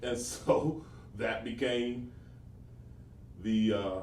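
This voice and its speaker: A man's voice: medium pitch, fairly even intonation, a little mellow. An older man and father chatting casually with his grown sons, rambling and restarting his sentences. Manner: rambling, halting, many fillers and restarts. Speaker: father and teaching pastor. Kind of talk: casual family chat. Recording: roomy, distant mic with faint noise.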